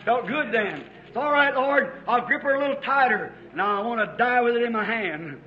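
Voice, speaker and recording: A man preaching with fervor in an old-time revival style, telling folksy stories and building up to shouts, in a church hall. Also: very high-pitched, moderate pace. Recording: dull, echoey 1950s sermon tape.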